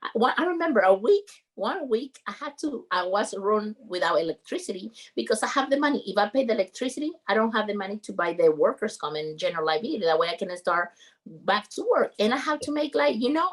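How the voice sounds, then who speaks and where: A woman's voice: medium pitch, fast. Earnest woman, English. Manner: animated, earnest, non-native English grammar. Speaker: podcast guest, roofing business founder. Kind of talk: emotional storytelling in conversation.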